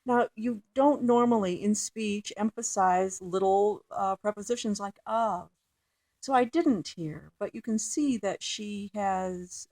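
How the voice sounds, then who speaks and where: Creaky and dark-toned at a medium pitch, this woman's voice has no room sound. She teaches poetry in a recorded lecture, reading a poem and then working through its meter in a slow, halting way full of fillers and false starts.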